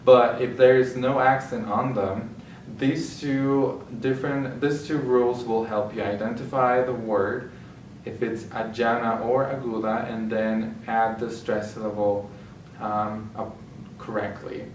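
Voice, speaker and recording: A man's voice: medium pitch, flat delivery, measured pace, slight background noise. A man patiently explaining a language lesson step by step, correcting himself as he goes. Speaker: Spanish teacher. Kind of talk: classroom explanation. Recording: echoey room, mic far off.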